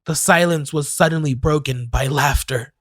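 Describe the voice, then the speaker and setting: A man narrating a horror story in a measured, scripted storytelling manner. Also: on the high side, fairly bright tone, no room sound, studio quality. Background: faint music.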